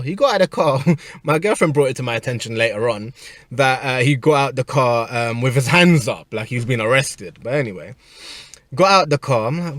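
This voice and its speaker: A man's voice: medium pitch, moderate pace, dry recording. Male, personal trainer type, mid-range voice, dry recording, casual rambling anecdote. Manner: rambling, animated anecdote with frequent restarts. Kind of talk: casual storytelling.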